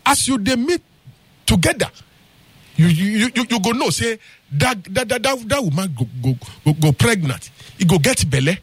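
A man's voice: sits high, big pitch swings, moderate pace, slightly rough, no room sound, full character voice. A man voicing a grave old native doctor giving advice, speaking with a Nigerian Pidgin accent.

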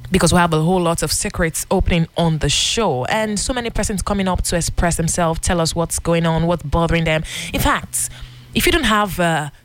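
A woman's voice: on the low side, fairly quick, hardly any pauses. A woman hosting a radio show, talking casually in the studio and laughing often. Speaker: radio host.

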